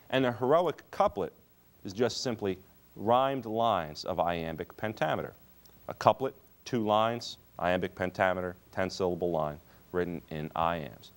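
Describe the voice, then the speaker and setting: A male teacher giving a lecture on poetry, explaining terms step by step and leaning on the key words. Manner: explanatory, stresses key terms with lively rises in pitch. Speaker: English teacher.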